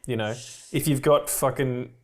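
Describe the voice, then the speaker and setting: Male podcast co-host from Australia, talks fast and manically, casual, sweary film-commentary rambler. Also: medium pitch. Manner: rambling, excitable, swears freely, laughs often.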